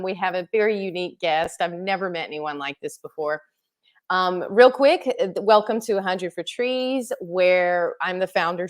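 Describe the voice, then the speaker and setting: A woman hosting a live interview stream, chatty and enthusiastic. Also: on the low side. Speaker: host and founder.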